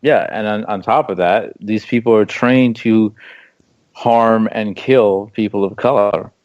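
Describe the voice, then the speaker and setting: A low-voiced man co-hosts a casual talk show and argues his point with passion, circling back and repeating words to hammer it home. The audio is dull and lo-fi, like a home podcast stream. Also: fairly even intonation, measured pace, darkish tone. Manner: impassioned, argumentative, repeats phrases for emphasis. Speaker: co-host. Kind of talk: casual political discussion.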